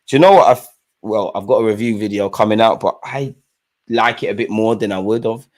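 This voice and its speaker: A young man hosting a live football watch-along, commentating casually with slang and shouting at the referee. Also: on the low side, a little fast.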